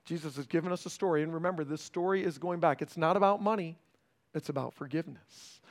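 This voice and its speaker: A pastor preaching a sermon in a conversational way, often checking in with the congregation and dropping to a hushed, slow delivery for emphasis. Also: male voice, fairly high pitch. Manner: swings between raised emphasis and hushed, slowed delivery.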